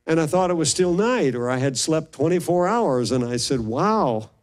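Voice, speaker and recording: A man's voice: fairly high pitch, lively intonation, normal speed, darkish tone. An older man, a pastor, telling stories in an earnest, emotional sermon and often restarting his sentences. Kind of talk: sermon storytelling.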